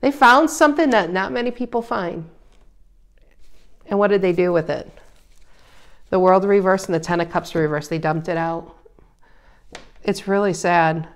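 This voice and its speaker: A woman giving a casual tarot reading, emphatic and animated, her voice rising loud and dropping soft. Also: lowish voice, normal speed, long pauses. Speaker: tarot reader.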